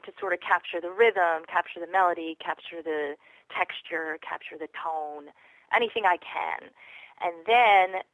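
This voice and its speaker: Dry-sounding, low-pitched woman chatting. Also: fairly bright tone, no echo, low-quality recording. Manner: reflective, chatty, many fillers. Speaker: voice actress, interview guest. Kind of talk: casual interview chat.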